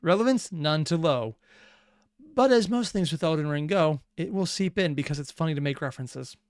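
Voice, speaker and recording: Excitable man riffing in reactions. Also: fairly high pitch, normal speed, clear, resonant tone, dry recording, clean studio sound, faint music behind. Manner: rambling, excitable asides. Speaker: reaction channel host. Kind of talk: casual reaction commentary.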